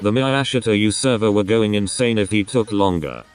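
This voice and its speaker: A young man giving casual, excitable reaction commentary as a fan, swearing often and gushing. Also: on the low side, normal speed, very noisy. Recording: loud music under voice.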